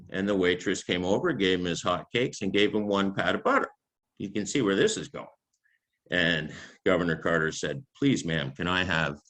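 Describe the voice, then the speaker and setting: A man in his fifties tells stories at a talk, with a very low, deep voice. He keeps it chatty and amused, full of little fillers and restarts. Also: fairly bright tone. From Canada. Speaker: author and historian giving a talk. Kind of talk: anecdotal storytelling talk.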